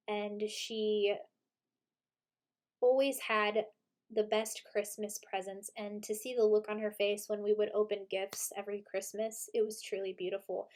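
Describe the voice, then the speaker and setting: A woman in her thirties giving an intuitive tarot reading in a gentle, reflective way, mixing in stories from her own life. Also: mid-range voice. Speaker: tarot reader.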